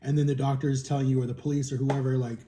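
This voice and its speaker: A man's voice: mid-range voice, little pitch movement, racing, mellow, slight background noise. A man in his thirties talking earnestly and at length in a rambling, repetitive way, as on a mukbang vlog. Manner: earnest, rambling, repeats himself. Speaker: vlogger. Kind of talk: emotional mukbang talk. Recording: echoey room.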